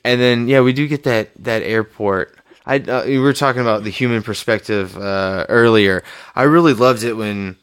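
A man co-hosting a casual movie podcast, animated and excitable as he retells scenes. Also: mid-range voice, normal speed, clear, resonant tone. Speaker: podcast co-host.

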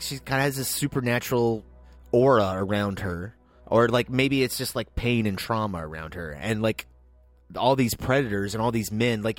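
A man on a podcast who rambles through his take on a film. He swears constantly and presses his points hard. His voice sits at an ordinary middle pitch. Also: dry recording. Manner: heavy swearing, emphatic and rambling. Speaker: podcast co-host. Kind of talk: casual film discussion.

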